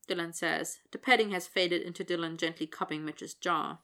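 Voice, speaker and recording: Bright-voiced woman narrating fiction. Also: lowish voice, steady tone, normal speed, hardly any pauses. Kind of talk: audiobook-style fiction reading.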